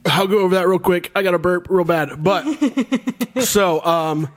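Podcast host dude, a bit high voiced, rambling story, laughs a lot and swears. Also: male voice, steady tone, a little slow. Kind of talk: casual chat.

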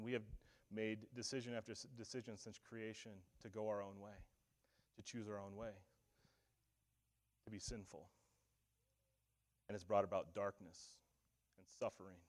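A male pastor preaching a sermon, swinging from hushed, slow lines to loud, urgent ones. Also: high voice.

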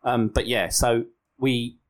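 A man's voice: medium pitch, level tone, takes it slowly. A man co-hosting a podcast in casual chat, teasing and playful, with a voice he calls camp. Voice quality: camp-sounding voice. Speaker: podcast co-host.

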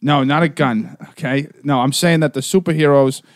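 A man in a comedic debate, brash and profane, pitching a story in a loud, joking way. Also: normal speed, no room sound, clean studio sound.

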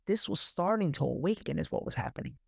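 A man's voice: a little high, animated, fast talker, gravelly, no room sound, studio quality. Emphatic man telling a life story. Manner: emphatic, repeats words, frequent "right?" and "you know". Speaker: guest, life coach. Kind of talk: animated personal storytelling.

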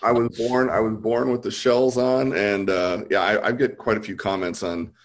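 Low-voiced chatty man in his forties. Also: moderate pace. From Illinois. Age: 40s. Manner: animated, chatty storyteller with many restarts. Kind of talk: casual chat.

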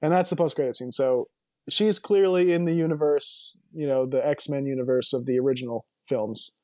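A man's voice: medium pitch, moderate pace, darkish tone, dry recording, clean studio sound. A man co-hosting a casual movie podcast, rambling and emphatic, with lots of restarts and strong opinions. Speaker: podcast co-host.

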